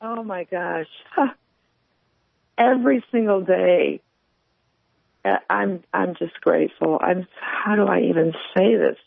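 A woman calling in to tell her faith story in an earnest, halting way. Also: fairly low pitch, creaky, no room sound. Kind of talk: personal faith testimony. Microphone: phone. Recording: tinny phone line.

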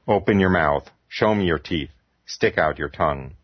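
A man's voice: sits low, moderate pace, no room sound. A man reading the lines of a cold, cruel male commandant in curt, snapped orders. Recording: dull lo-fi recording.

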